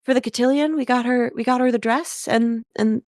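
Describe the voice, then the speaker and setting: A woman's voice: on the high side, steady tone, brisk, a little mellow, no room sound, clean studio sound, pitched above the performer's own voice, lightly acted. A woman voicing an embarrassed young man about to start college, pleading with his mother. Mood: exasperated. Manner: pleading, exasperated.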